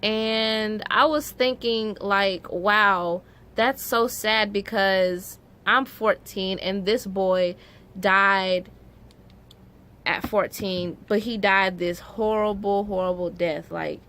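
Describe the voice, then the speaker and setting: Slow-talking young woman vlogger. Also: medium pitch, fairly even intonation, fairly bright tone. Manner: emotional, many "like" fillers, rising indignation. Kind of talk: casual storytelling vlog.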